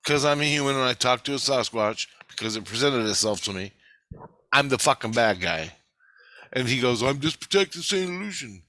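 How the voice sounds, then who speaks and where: A man tells a strange dream in a heated, swearing torrent, jumping into the voices of the people he argued with. His voice is bright and forward. It is recorded close and dry. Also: mid-range voice, lively intonation, normal speed, no echo. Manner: agitated, profane, retelling dialogue in bursts. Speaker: vlogger. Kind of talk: casual recounting of a dream to camera.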